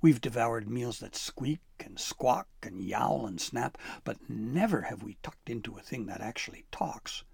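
Gristle, a man doing a gravelly female troll. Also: expressive, measured pace, hardly any pauses, no room sound, full character voice. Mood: coaxing. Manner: sugary, gloating endearments, high and breathy. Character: greedy female troll, fussy and gloating.

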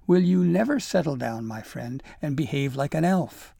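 A man's voice: fairly high pitch, expressive, moderate pace, vocal fry, dark tone, dry recording, studio quality, exaggerated voice. A man voicing a jolly, proud old male elf inventor who talks in hearty exclamations.

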